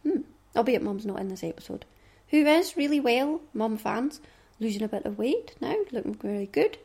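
A middle-aged Scottish woman hosts a knitting podcast, chatting casually and rambling with little asides muttered under her breath. Her voice is a little high, expressive, slightly mellow and husky, with vocal fry and a moderate pace.

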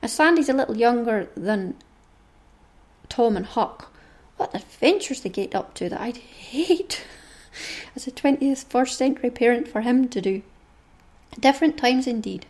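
A woman's voice: a little high, lively intonation, a little slow, darkish tone. A woman hosting a craft podcast, chatting in a homely, rambling way and reading aloud. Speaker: podcast host.

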